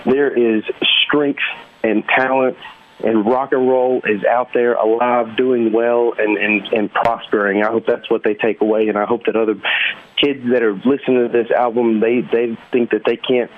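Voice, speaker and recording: A man's voice: medium pitch, flat delivery, normal speed, phone-quality sound, a little hiss or hum. A man, a rock band guest joking through a casual interview and often stumbling over his first words. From Alabama. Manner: joking, repeats words when starting.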